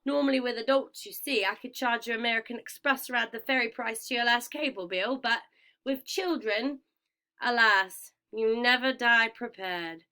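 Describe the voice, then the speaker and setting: A woman voicing a smooth, cold and greedy male ferryman of the dead, with a vaguely British accent and a slow, sweetly menacing drawl. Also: on the high side, sharp tone. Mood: silkily greedy.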